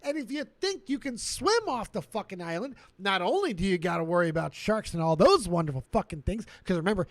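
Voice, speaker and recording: A man hosting a casual streamed chat, going off on rambling comic rants that swing from low mutters to shouting. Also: sing-song, a little fast. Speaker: streamer host.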